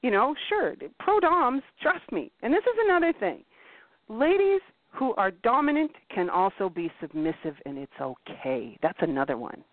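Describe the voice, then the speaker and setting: A woman hosting a casual talk show, blunt and animated, swearing freely and acting out quotes. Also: mid-range voice, moderate pace, no echo. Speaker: podcast host. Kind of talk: casual chat. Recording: tinny phone-like line, dry.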